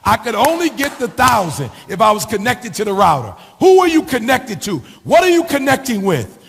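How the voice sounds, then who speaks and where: A man's voice: very high-pitched, big pitch swings, moderate pace, gravelly, slightly rough. A middle-aged man giving a motivational speech, preaching with a sing-song rhythm and piling up rhetorical questions. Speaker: motivational speaker. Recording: long hall reverb.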